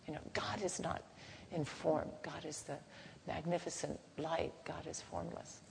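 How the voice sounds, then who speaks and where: A man's voice: a little high, steady tone, unhurried, gravelly. A woman as a stern, rebuking prophet. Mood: indignant. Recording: reverberant hall, faint background noise.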